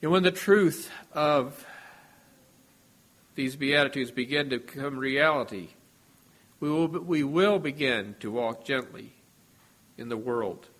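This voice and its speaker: A male preacher delivering a sermon at a middle pitch. He speaks in a measured, earnest way, letting his voice fall quietly at the end of each thought. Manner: measured and earnest, voice dropping at phrase ends.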